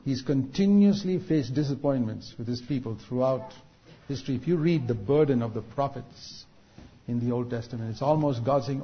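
A man preaching a sermon, building to loud, drawn-out emphasis at key points. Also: mid-range voice, expressive. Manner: rises to loud, drawn-out emphasis on quoted rebukes. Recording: dull lo-fi recording.

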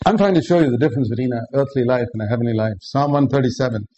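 A man's voice: mid-range voice, very fast, warm tone, husky. A man preaching a sermon, earnest and direct, often putting questions to the listeners. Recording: dull lo-fi recording with faint background noise.

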